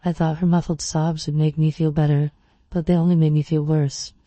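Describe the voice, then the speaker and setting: Horror storyteller with an even, measured read, very dark tone and a monotone delivery. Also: mid-range voice, no echo. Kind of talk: scripted first-person story narration.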